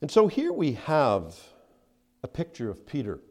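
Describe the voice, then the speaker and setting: A man preaching a sermon at an unhurried, deliberate pace. His pitch swings widely as he leans into key words with loud emphasis. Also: huge pitch swings. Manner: slow, emphatic preaching that rises to loud bursts. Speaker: pastor.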